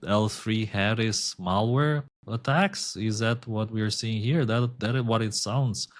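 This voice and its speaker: Low-voiced man. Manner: measured, many filler ums. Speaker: podcast co-host. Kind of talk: casual chat.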